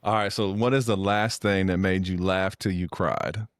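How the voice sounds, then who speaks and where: A man's voice: deep voice, fairly even intonation, moderate pace, no echo. A man hosting a casual podcast, easygoing, asking questions and murmuring agreement. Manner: easygoing, asks questions, lots of mm-hmms. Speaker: podcast host. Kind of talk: casual chat.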